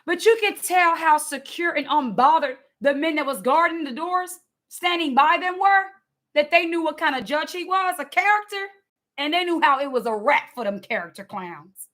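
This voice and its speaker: A woman delivering fiery, sermon-like commentary in a high voice. Her tone is bright and ringing, and she leans hard on her points, often repeating words as she builds momentum. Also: animated, normal speed. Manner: emphatic, preachy, repeats words. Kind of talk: impassioned commentary.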